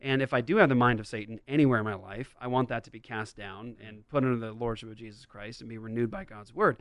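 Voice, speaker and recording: A man hosting a show, commenting emphatically on a played interview clip, with wide swings in pitch and loudness. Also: quick pace, no room sound. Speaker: podcast host.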